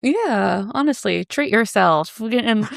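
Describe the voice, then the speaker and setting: Wry, gravelly-voiced female podcast host. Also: mid-range voice, animated, takes it slowly, dry recording, clean studio sound. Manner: wry, amused, laughs often. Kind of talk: casual chat.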